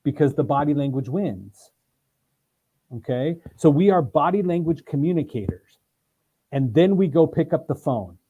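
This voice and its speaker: On the high side and at normal speed, this man's voice has a breathy edge, and the audio is narrow and tinny. A sales trainer guesting on a video call interview, he explains energetically and emphatically, acting out examples in voices.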